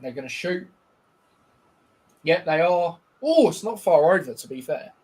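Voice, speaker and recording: Guy streaming a footy watchalong, slightly high voice, rambly banter, lots of ums. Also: expressive, unhurried, darkish tone, slightly rough. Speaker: streamer hosting a football watchalong. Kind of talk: casual live-stream chat with match commentary.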